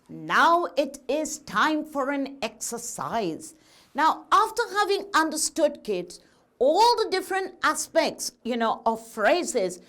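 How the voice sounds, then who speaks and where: Woman teacher going over grammar for kids, high voice that swoops up and down, slow and patient, asks then answers. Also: a bit bright. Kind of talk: classroom lesson addressing children.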